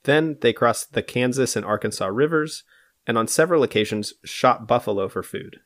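A man's voice: mid-range voice, normal speed, a bit bright. A male podcast host who tells a history story from a script and banters casually between passages. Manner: reads prepared narration steadily, then banters loosely. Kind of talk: scripted history narration mixed with casual chat.

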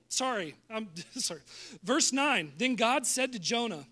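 Male pastor with a high voice, playful sermon delivery that acts out characters. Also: unhurried. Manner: animated, jokey, acts out Bible voices with laughs. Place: church service.

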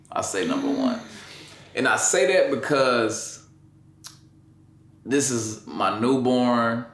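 In an interview, a man tells the story of his son's accident with strong emotion, speaking casually in slang and repeating "you know what I'm saying". His voice is on the low side and fairly bright, in an echoey room.

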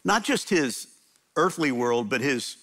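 A man's voice: medium pitch, big pitch swings, a little slow, fairly bright tone. A man preaching a sermon to a men's group in a church, earnest, often repeating words and acting out prayers aloud. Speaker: pastor.

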